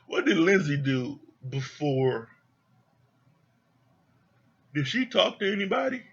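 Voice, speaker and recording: A man's voice: fairly high pitch, bright, forceful tone, husky, muffled recording. A man giving a casual, candid recap of a reality show, swearing freely and acting out what the cast said. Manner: candid, profane, retells scenes with quoted voices. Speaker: show reviewer.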